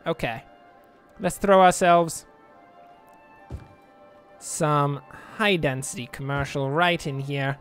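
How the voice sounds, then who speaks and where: A man's voice: fairly high pitch, steady tone, slow pace, pauses often, fairly bright tone, soft background music. A man giving casual, rambling commentary over a city-building game, with self-mocking asides. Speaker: let's play gamer.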